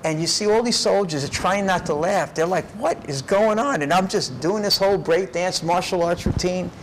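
A man in his fifties telling lively personal stories as an interview guest, often tagging his sentences with "right?". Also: high-pitched, normal speed, slight background noise, poor audio. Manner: lively, tags phrases with "right?". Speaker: interview guest, karate teacher. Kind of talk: animated personal storytelling. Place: karate gym.

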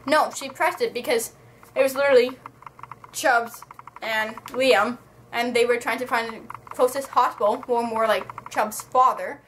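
A high-pitched woman rants to her camera in a casual review, exasperated and full of slang. Her voice sits well above most women's, and there is a faint hiss behind her. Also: moderate pace, poor audio. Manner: exasperated, slangy, animated ranting. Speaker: book and movie reviewer.

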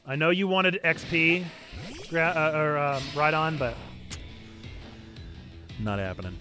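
Man, North Carolina accent, game streamer, playful chat, forceful bright tone. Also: fairly high pitch, slow, soft background music. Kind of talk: casual gameplay stream chat.

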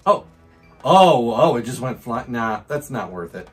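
An excitable man plays through a game and narrates every move to himself. His pitch jumps all over as he whoops and laughs, yet he talks at an easy, drawn-out pace. Soft game music runs quietly beneath him. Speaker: gaming channel host. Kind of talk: let's play commentary.

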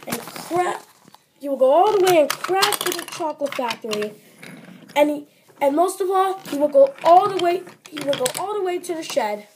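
A woman narrating an improvised toy train story in a halting, play-along way. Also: sits high, expressive, background noise.

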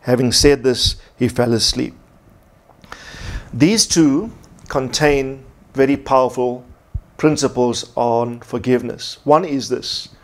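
A man's voice: mid-range voice, slow pace. A man preaching a sermon as pastor, from South Africa, emphatic and repeating his key points.

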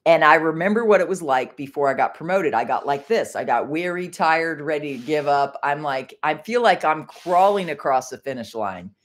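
A woman's voice: low voice, expressive, moderate pace, few pauses. Middle-aged lady rambling on a faith livestream at home, laughs a lot, keeps getting sidetracked. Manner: chatty, distracted, laughs often. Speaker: livestream host.

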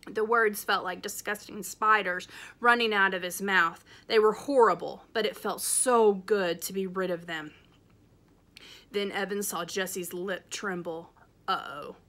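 A teacher reading a children's chapter book aloud, expressive and lively in her storytelling. Her voice is bright and clear, pitched at an ordinary middle height. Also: measured pace.

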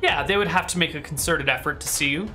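A man's voice: on the high side, fast, bright, forceful tone, faint music behind. A man narrating a tabletop game as game master, describing scenes casually with many fillers.

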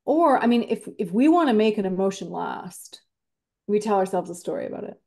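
A woman speaking as a podcast guest, talking in an animated and reflective way and acting out her own inner thoughts as she explains. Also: medium pitch, brisk, gravelly. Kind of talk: reflective conversational interview.

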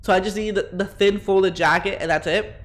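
Crude, chatty high-voiced male streamer. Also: steady tone, fairly quick, a bit bright. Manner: crude, rambling banter with chat. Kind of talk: live gameplay commentary.

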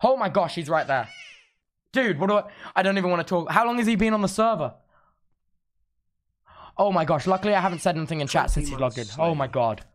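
A man's voice: on the high side, expressive, fast, long pauses. A young man streaming a game, giddy and starstruck, gasping and babbling as he chats. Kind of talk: excited gaming chat.

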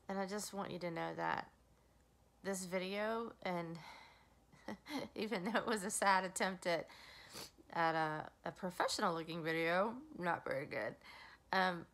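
A middle-aged woman speaks through tears in a heartfelt birthday video for her sister. Her voice is low and gravelly with vocal fry, and she rambles emotionally with plenty of ums. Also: fairly bright tone. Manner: emotional, rambling with many fillers. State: tearful. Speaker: younger sister.

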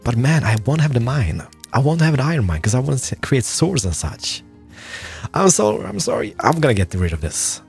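A young man casually commentating his play through a strategy game, excitable and muttering to himself as he plays. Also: medium pitch, brisk, creaky, faint music behind. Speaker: gaming YouTuber. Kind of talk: gameplay commentary.

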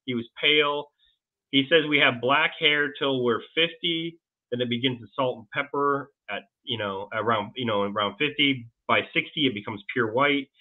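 A man being interviewed as a guest, telling a long story in a rambling, halting way with many restarts. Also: mid-range voice. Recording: tinny phone-like line.

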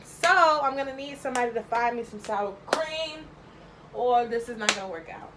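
A young woman with a fairly high voice walks through a recipe in her kitchen, talking casually and filling pauses with ums as she thinks aloud. Her voice comes through a camera mic, with a faint hiss of background noise behind it. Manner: chatty and rambling, thinks aloud with many fillers. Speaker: home cook vlogger. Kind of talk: casual cooking tutorial. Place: home kitchen.

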